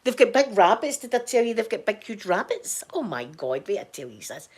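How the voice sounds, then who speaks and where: A middle-aged Scottish woman, hoarse from crying, chatting casually to her viewers in a halting way, repeating words and restarting sentences. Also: medium pitch, big pitch swings, a little mellow. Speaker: vlogger talking to viewers. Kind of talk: casual chat.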